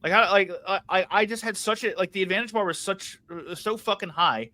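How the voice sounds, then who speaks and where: A man's voice: high-pitched, a little fast, pushed and bright. A young man co-hosting a podcast, ranting heatedly and swearing a lot in casual chat. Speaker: podcast co-host.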